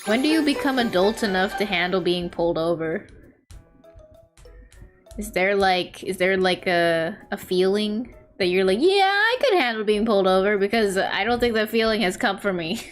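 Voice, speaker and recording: A woman's voice: medium pitch, normal speed, faint music behind. A young adult woman streamer telling rambling, self-mocking stories in casual chat while she draws.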